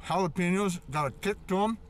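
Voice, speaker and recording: A man's voice: sits high, fairly quick, a little hiss or hum. Middle-aged man reviewing food with mouth full. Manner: eating while talking, mouth full. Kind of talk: casual food review vlog. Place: in a car.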